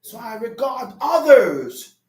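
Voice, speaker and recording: A man's voice: very high voice, big pitch swings, slow pace, a little mellow. Man preaching, storytelling sermon, distant mic, roomy echo. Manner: storytelling, acts out voices in quotes. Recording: echoey room, mic at a distance.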